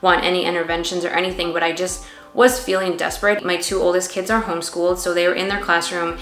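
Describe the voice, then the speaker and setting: Woman in her thirties, earnest storyteller, lowish voice, echoey room, faint music. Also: little pitch movement, quick pace, a bit bright. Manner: earnest, emotional, many "like" fillers. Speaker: vlogger mother telling her birth story. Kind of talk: personal storytelling to camera.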